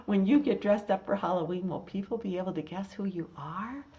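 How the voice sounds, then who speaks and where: A woman's voice: medium pitch, a little fast, heavy background noise. A woman leading a children's storytime, reading a picture book and chanting rhymes in a playful, encouraging way. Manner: playful, sing-song, encouraging. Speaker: children's librarian. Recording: dull lo-fi recording.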